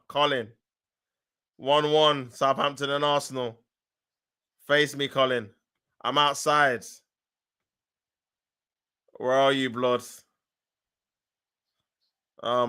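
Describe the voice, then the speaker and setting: A man giving excitable, emotional live commentary on a football match, groaning and shouting at the action in slangy talk. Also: medium pitch, clean tone. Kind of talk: excitable fan watch-along commentary.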